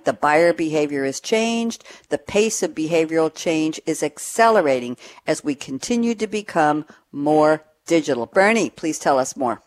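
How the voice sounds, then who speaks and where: A woman hosting a radio talk show, bringing in her panelists and asking them questions in a brisk, engaged way. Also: low-pitched, dry recording.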